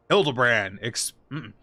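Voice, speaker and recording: A young adult man streaming from a home setup, chatting casually and telling stories with lots of swearing and sudden excited bursts, with faint music behind him. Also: mid-range voice. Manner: profane, animated storytelling with bursts of excitement. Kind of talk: casual gaming stream chat.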